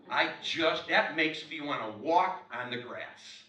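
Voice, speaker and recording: A man in his sixties, a motivational speaker telling a story to a live audience, acting out the dialogue and swinging from loud to hushed. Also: mid-range voice, expressive, unhurried. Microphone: clip-on mic. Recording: echoey hall, mic from far off.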